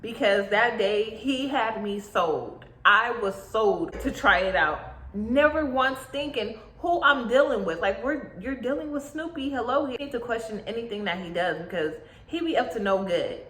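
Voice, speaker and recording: A young woman tells a casual storytime vlog in a chatty, animated way, her voice sitting a little high. The sound bounces around an echoey room. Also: moderate pace, slight background noise. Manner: chatty, animated retelling with slang. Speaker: YouTube vlogger.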